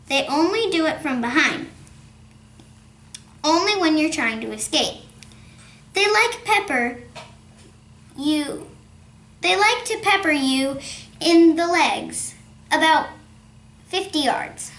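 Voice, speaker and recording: A woman reading aloud, voicing a lively, conspiratorial father who tells stories with relish. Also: sits high, slow pace, long pauses, echoey room, exaggerated voice. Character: cheerful rural father, storyteller, man.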